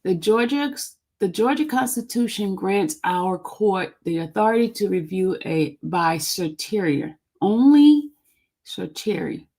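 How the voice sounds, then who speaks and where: Reading a court filing on her live stream, the host fumbles some of the legal vocabulary and talks casually between excerpts. She has a medium-pitched, warm voice with vocal fry.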